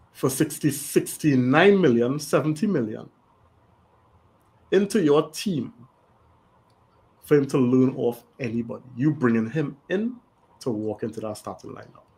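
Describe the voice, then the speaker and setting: A man talking on a casual fan panel from a video call, with a voice of ordinary middle pitch. He reasons out loud, often tagging his points with a questioning "right?". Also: low-quality recording. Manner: thinks aloud, tags points with "right?".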